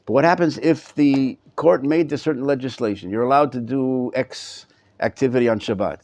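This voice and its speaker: A middle-aged rabbi teaches a live class in a study hall. His voice sits at an average pitch for a man. He addresses the students in front of him and repeats words while gathering his thoughts. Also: normal speed, a little mellow. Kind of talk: live Torah class lecture.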